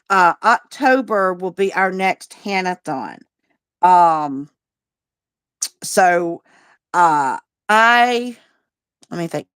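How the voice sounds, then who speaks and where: A woman's voice: medium pitch, a bit bright, no room sound, clean studio sound. A woman hosting a casual livestream, talking in a chatty, folksy way and greeting viewers by name. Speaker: livestream host.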